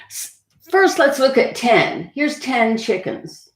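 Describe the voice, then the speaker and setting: A woman librarian reading picture books aloud to children, expressive and asking them questions. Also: a little high, slow pace, roomy sound. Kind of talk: storytime read-aloud. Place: library room.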